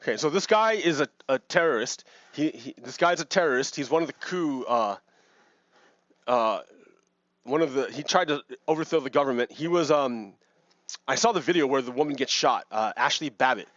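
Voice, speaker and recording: A man's voice: mid-range voice, expressive, normal speed, fairly bright tone, dry recording, muffled recording. A man giving casual, rambling commentary on news clips, repeating words and laughing between points. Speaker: video commentator.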